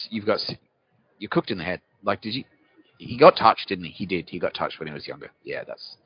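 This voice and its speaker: Australian male podcast host, rambling comic monologue, answers his own questions, swears a lot, somewhat low voice, muffled lo-fi recording. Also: breathy edge. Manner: swearing, asks himself questions and answers them. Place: city street outdoors. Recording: dull lo-fi recording.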